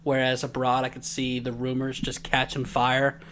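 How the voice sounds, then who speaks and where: A man's voice: mid-range voice, completely flat delivery, normal speed, a bit bright, slight background noise. A man co-hosting a podcast, joking and teasing his co-host in casual chat.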